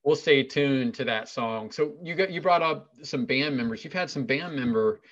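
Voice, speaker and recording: A man co-hosts a loose podcast chat, firing off silly questions and laughing between them. His voice sits at an ordinary middle pitch. The recording sounds a bit dull and lo-fi. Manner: joking, laughs often, rapid-fire playful questions. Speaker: podcast co-host. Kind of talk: casual interview chat.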